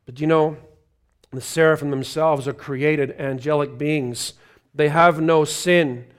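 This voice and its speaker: A man preaching a live sermon as a guest preacher in a church, swinging between loud proclamation and hushed, pleading intimacy. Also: fairly high pitch, fairly even intonation, unhurried, smooth. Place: church sanctuary.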